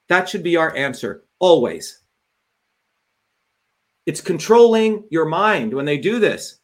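A man with a somewhat high voice rants on a livestream. He talks as a political candidate and host, and his delivery is fiery, forceful and full of swearing. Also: big pitch swings, slow pace, pauses often. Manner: fiery, profane ranting delivery.

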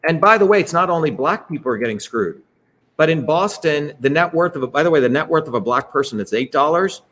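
Leading an online talk, this presenter talks fast and animatedly in a high, fairly bright voice. His rambling, emphatic delivery wanders into digressions, and he keeps asking "right?" and slipping in "by the way."

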